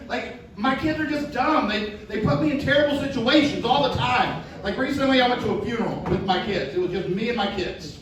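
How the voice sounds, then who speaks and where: A high-voiced male comedian telling self-deprecating family stories in a stand-up set. The club is very echoey and the mic sits some way off. An audience is clearly audible around him. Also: lively intonation, a little fast, recorded from a distance, a crowd in the background.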